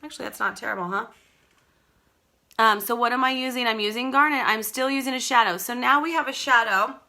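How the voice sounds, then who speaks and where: Bright-voiced chatty woman doing makeup. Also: fairly high pitch, brisk. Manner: chatty, rambling, talks to viewers by name. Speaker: makeup seller demonstrating products. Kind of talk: live makeup tutorial chat. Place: at home.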